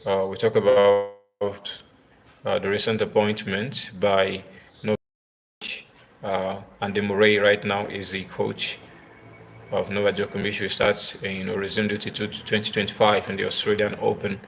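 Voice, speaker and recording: A man talks tennis on a live video in a low, gravelly voice. He speaks in halting bursts full of fillers and repeated words. He keeps turning to his viewers to ask for their comments. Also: completely flat delivery, fairly bright tone, slight background noise. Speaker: tennis live-stream host. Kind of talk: casual live-stream commentary.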